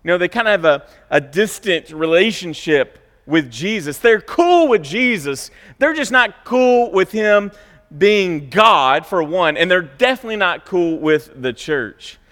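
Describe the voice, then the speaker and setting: A man preaching in a church, pitched a little high, leaning hard on key words and then falling to hushed asides. His voice rings out with a long hall reverb behind it. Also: expressive, measured pace. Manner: emphatic, swings between loud high stresses and quiet low asides. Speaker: pastor. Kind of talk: sermon. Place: church sanctuary.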